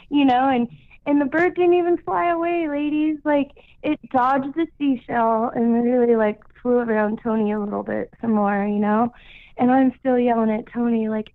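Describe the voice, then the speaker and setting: A woman's voice: fairly high pitch, fairly even intonation, moderate pace, no room sound. A woman calling in to a radio show, telling a story casually, with lots of "like" and "you know". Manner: chatty, full of "like" and "you know". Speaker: caller. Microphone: phone. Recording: tinny phone line.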